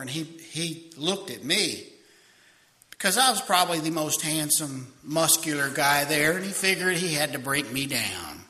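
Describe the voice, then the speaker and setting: A man's voice: on the high side, pushed and bright. An older man preaching a sermon in a folksy, humorous way, telling stories with many restarts. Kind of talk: sermon with storytelling.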